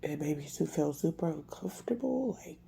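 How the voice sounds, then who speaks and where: A woman talking to camera in a personal confessional vlog, halting with lots of fillers and restarts, upset and irritated, a bit congested. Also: deep voice, animated, gravelly, dark tone, a little hiss or hum. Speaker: vlogger.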